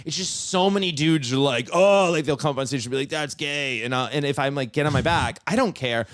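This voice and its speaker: A man's voice: mid-range voice, fast, a bit bright, no room sound, clean studio sound. A man, a magician and comedian, casually telling a rambling anecdote on a podcast with lots of restarts.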